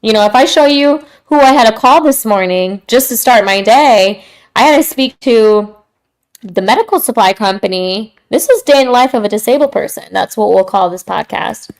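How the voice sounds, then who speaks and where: A woman's voice: on the high side, normal speed. A woman hosting a podcast, talking candidly and casually in slangy, straight-to-the-point speech. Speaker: podcast host. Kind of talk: casual talk.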